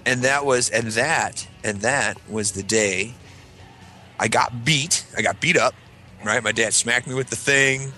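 A man telling a long story in casual chat with friends, rambling and profane, acting out shouted quotes. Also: mid-range voice, measured pace, soft background music. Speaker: podcast co-host telling a story.

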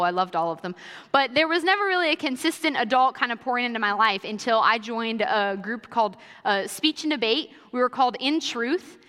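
In a large church auditorium with long reverb, a young adult woman gives a conversational sermon packed with personal stories. Her voice is a little high, sharp, clear and resonant, and she talks in a casual, chatty way, often using fillers like "kinda" and "like."

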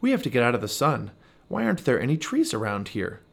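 A man voicing an excitable, adventurous male squirrel in a read-aloud storybook, eager and bouncy. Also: mid-range voice, fast talker, creaky, heavily acted. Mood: whiny.

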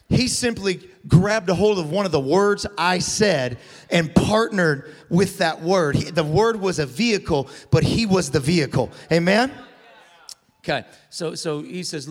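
A male pastor preaching a sermon with call-and-response, building up to shouts. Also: sits high, expressive, a little slow. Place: large church hall. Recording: long hall reverb.

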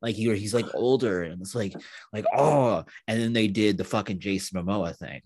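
A man co-hosting a casual movie review podcast, halting and stammering, with a sarcastic edge. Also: lowish voice, dry recording, studio quality. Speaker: podcast co-host.

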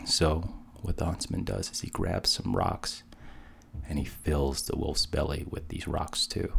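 Gravelly deep-voiced man telling a fairy tale. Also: a little slow, slight background noise. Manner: relaxed, conversational, with asides. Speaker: storyteller. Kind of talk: casual fairy tale retelling.

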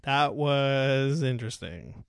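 Jokey podcast co-host, dry sound. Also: male voice, medium pitch, animated, takes it slowly, creaky, clean tone, dry recording. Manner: jokey, laughs often. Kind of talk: casual chat.

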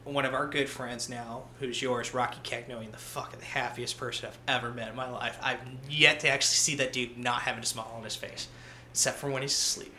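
A military veteran being interviewed, telling stories in a blunt, animated way and swearing freely. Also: male voice, mid-range voice, fairly quick. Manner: blunt, profane, animated storyteller. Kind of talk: casual conversational storytelling. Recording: roomy echo, faint ambient noise.

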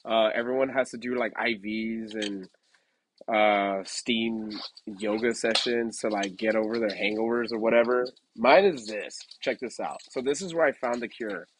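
A man's voice: lowish voice, normal speed, slight background noise, low-quality recording. A young man casually telling a story for his podcast, rambling with lots of fillers, restarts and swearing. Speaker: podcast host.

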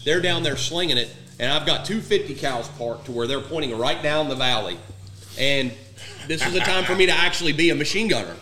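A man's voice: fairly high pitch, expressive, brisk, sharp tone. A middle-aged man, a retired Marine platoon sergeant, telling war stories in a blunt, profane, candid way. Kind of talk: casual war storytelling. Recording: echoey room.

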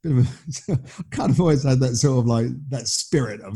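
Man, comedian, husky, mellow, rambling casual chat. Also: mid-range voice, fairly quick. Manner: rambling, animated storytelling with many restarts. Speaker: stand-up comedian.

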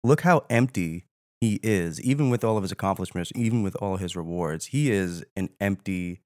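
A man in casual podcast chat who swears freely and turns lively when joking. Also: low voice, moderate pace, no echo, clean studio sound. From Rhode Island. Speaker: podcast co-host.

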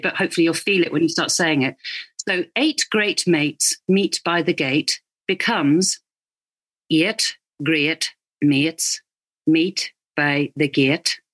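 A woman with a slightly low voice coaches a student through accent sounds. She explains each one patiently and praises his progress generously. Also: a bit bright. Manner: encouraging, praises often. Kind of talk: patient instruction.

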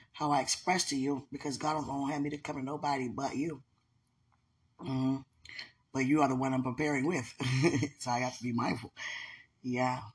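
A woman's voice: low-pitched, breathy edge. A woman in an intimate, casual call with her partner, affectionate and laughing often as she talks about faith.

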